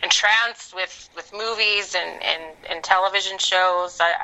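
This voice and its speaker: A woman, an actress, chatting as a podcast guest in a relaxed, easygoing way with plenty of fillers. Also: lowish voice, measured pace, low-quality recording. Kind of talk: casual interview chat.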